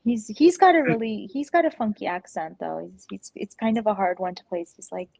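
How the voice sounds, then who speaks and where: A woman's voice: mid-range voice, big pitch swings, fairly quick, creaky, a little mellow, slight background noise. A woman chatting casually on a livestream, rambling with lots of "like", laughing often and slipping into playful impersonations. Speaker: stream guest. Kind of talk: casual chat.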